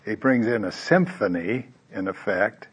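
A man delivers a sermon in a conversational, animated way, slipping into quoted voices of the story's characters. His voice is somewhat low and husky. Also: measured pace. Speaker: preacher.

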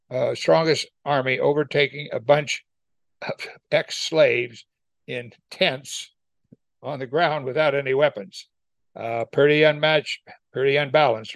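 A man with a fairly high, slightly bright voice, recorded dry, leads a verse-by-verse Bible study. He reads scripture aloud and explains it in plain, conversational language, often putting questions to his listeners.

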